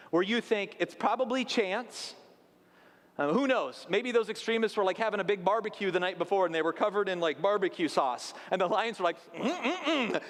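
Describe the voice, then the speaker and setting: High-voiced pastor in an echoing hall. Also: male voice. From South Dakota. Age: late 30s. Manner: conversational storytelling with asides to the congregation. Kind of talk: sermon. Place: church sanctuary. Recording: long hall reverb.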